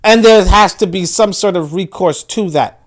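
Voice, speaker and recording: Brooklyn man hosting a livestream, high-pitched, emphatic, repeats phrases for weight. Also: moderate pace. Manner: emphatic, repeats words when building a point; reads viewer comments aloud. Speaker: livestream host. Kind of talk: casual livestream commentary.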